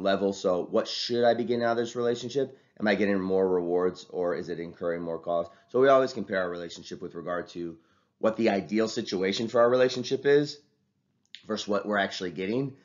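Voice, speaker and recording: A man's voice: on the low side, fairly quick. A male teacher giving a casual classroom lecture, talking conversationally and ending his points with "right?". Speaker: college teacher and wrestling coach. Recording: dull lo-fi recording.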